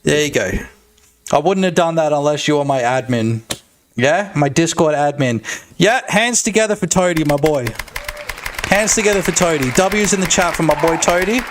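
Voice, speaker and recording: A man's voice: fairly high pitch, moderate pace. A young man streaming his game development live, talking crudely and jokily in rambling bursts full of filler tags. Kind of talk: casual live-stream chat.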